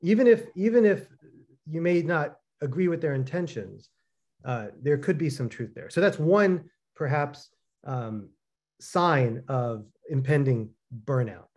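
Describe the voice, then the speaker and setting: Animated, storytelling man with a high voice. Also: unhurried. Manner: animated storyteller, acts out quoted dialogue, many fillers. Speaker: co-founder co-hosting a talk. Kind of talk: casual conversational talk.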